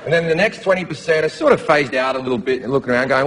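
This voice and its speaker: A man's voice: medium pitch, rapid-fire, long reverb tail. A man from Australia with an Australian accent, doing a brash, profane, mocking stand-up comedy routine in a theatre. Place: theatre with live audience. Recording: live show, loud crowd noise.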